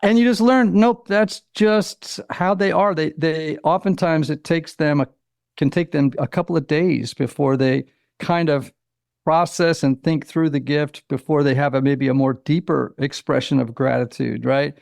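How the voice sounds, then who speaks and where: A man in his sixties with a gravelly, slightly raised voice tells stories in a relaxed interview. He acts out little quotes and leans on "you know" as he talks, recorded close and dry with no room sound. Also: on the high side, moderate pace, no echo. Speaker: author and psychotherapist, guest. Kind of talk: conversational interview.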